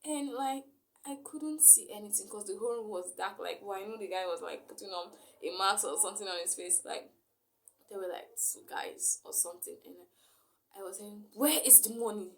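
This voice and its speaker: A woman's voice: mid-range voice, moderate pace. A young woman, recounting a story in a rambling vlog style full of fillers. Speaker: vlogger.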